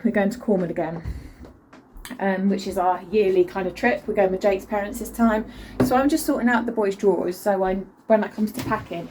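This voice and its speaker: A young woman vlogs into her phone camera at home in a medium-pitched, darkish voice, the rough recording carrying a little hiss or hum. Frank and tired, she chats casually about her family, breaking into sudden sing-song baby talk to her children and dog.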